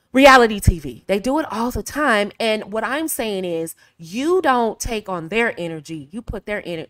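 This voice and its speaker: A woman's voice: mid-range voice, a bit bright, dry recording, clean studio sound. A woman from the American South with a Southern accent, giving casual advice in a chatty way, laughing often and acting out phrases. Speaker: video host.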